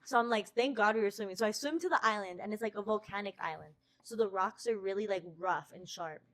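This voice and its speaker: Speaking quickly in a mid-range, slightly bright voice, this young American woman tells a casual story as a podcast host. She curses nonstop and performs her own quoted lines.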